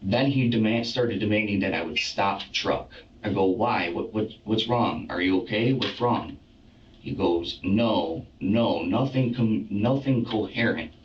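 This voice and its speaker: Man, low voice, halting speech full of fillers, roomy distant dull recording. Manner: halting, many fillers and restarts. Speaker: interviewee recounting an assault. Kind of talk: recorded documentary interview.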